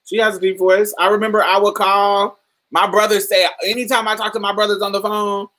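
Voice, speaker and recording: A woman's voice: medium pitch, level tone, fairly quick, a bit bright, rough recording. A woman hosting a long casual livestream podcast, chatting, laughing often and calling people honey and baby. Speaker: podcast host.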